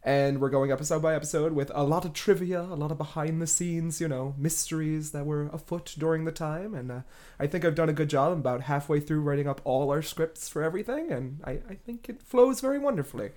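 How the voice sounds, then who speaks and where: A woman's voice: sits low, brisk, dark tone. Playful, laughing woman podcast host. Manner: playful, sarcastic, laughs often. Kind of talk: casual podcast chat.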